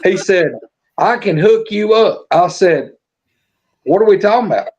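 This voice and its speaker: A man's voice: high voice, lively intonation, unhurried, a little mellow, highs cut off. A man casually telling a long, folksy, profane story on a podcast, acting out what everyone said. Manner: folksy, profane, acts out quoted dialogue.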